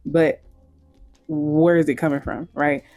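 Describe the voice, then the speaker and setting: A woman's voice: low voice, level tone, takes it slowly, mellow, no echo, faint music behind. A woman hosting opinionated commentary, speaking bluntly and frankly with casual profanity. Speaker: host.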